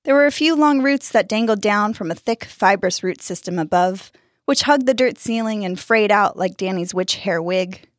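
A woman narrating a spooky children's story in a measured, expressive way. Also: mid-range voice, dry recording, clean studio sound.

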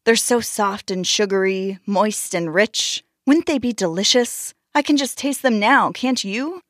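A woman voicing a sly, scheming male hare trickster in a storybook tale, smooth and wheedling. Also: mid-range voice, measured pace, dry recording, clean studio sound, lightly acted.

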